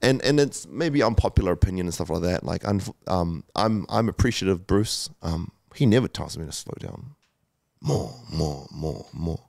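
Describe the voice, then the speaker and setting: A man's voice: deep voice, lively intonation, moderate pace, creaky, a little mellow, no room sound, studio quality. A man in his thirties, a podcast guest, telling his story candidly and emotionally, with lots of swearing, fillers and restarts. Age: 30s.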